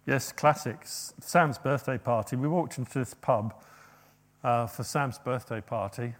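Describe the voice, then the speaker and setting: A man preaching a sermon, rising to loud, emphatic quoted passages and dropping to quiet asides. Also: medium pitch, measured pace.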